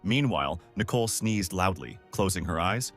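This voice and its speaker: A man's voice: sits low, expressive, moderate pace, a bit bright, soft background music. A man narrating a comic story recap in a scripted storytelling style.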